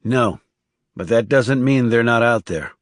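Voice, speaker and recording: A man voicing a tense, guarded male government assassin in an audiobook, calm and firm. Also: mid-range voice, unhurried, dry recording, studio quality, lightly acted.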